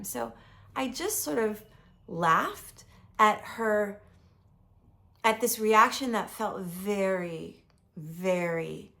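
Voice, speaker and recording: Woman in her 50s vlogging, chatty and eager, lots of um and like, bit of vocal fry. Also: medium pitch, fairly bright tone. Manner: enthusiastic, chatty, many fillers like "um" and "like". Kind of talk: casual personal storytelling.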